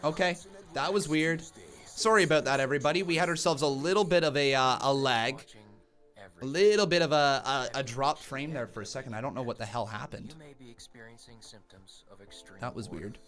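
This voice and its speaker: A man hosting a live wrestling reaction stream, calling the action like an excitable commentator and chatting with viewers. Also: mid-range voice, moderate pace, long pauses, faint music behind.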